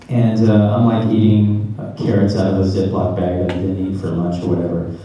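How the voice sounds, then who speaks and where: A man's voice: sits low, flat delivery, moderate pace, warm tone, lo-fi sound. A man from the American South in his thirties, animatedly telling a funny story to a convention audience, laughing as he goes. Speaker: convention panel guest. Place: large convention hall. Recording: far, echoey hall with noise.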